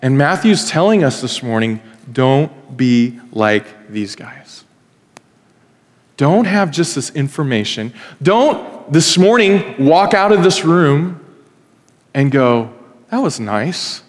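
A man's voice: mid-range voice, lively intonation, slow pace. A man preaching a casual, story-driven sermon as pastor, acting out the voices of the people in his stories. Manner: conversational storytelling, acts out quoted voices. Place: church hall. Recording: long reverb in a hall.

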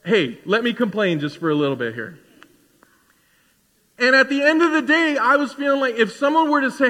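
A man in his forties preaching a sermon in a conversational, animated way, acting out little asides. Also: very high-pitched, moderate pace, long pauses, in a large hall. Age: 40s. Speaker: pastor. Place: church sanctuary.

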